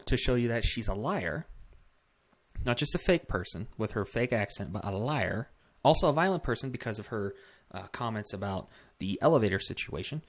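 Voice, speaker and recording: Blunt, swearing male commentator. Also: mid-range voice. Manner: blunt, profane, rambling with fillers. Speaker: political commentary host. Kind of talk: casual opinion commentary.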